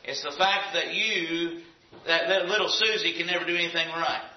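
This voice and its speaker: Emphatic preacher, echoey lo-fi sound. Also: male voice, on the high side, fairly even intonation, normal speed, slight background noise. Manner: emphatic, repetitive preaching cadence. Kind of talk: sermon. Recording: echoey, dull lo-fi room sound.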